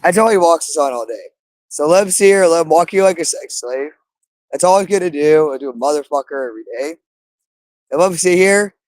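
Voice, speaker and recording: A man's voice: on the high side, animated, fairly quick, darkish tone, no echo. A man in an agitated, rambling monologue, cursing often and repeating himself. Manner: agitated, profane, repetitive.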